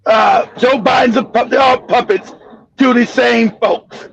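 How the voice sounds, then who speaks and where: Male host, angry profane rant, very high voice, husky, dull lo-fi audio. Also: steady tone, unhurried, no room sound. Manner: angry, profane, shouting tirades. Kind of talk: political commentary rant.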